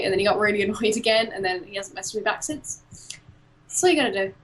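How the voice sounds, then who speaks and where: A woman from the UK casually chatting on an art stream, telling animated stories and acting out quotes. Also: mid-range voice, quick pace, a little hiss or hum, rough recording. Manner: animated storyteller, acts out quotes and laughs often. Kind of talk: casual chat while drawing.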